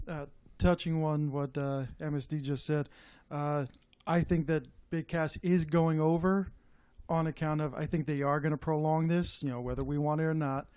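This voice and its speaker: A man on a casual podcast panel, talking quickly but hesitantly, with many "uh"s. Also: fairly high pitch, steady tone, a little mellow, clear, resonant tone, dry recording.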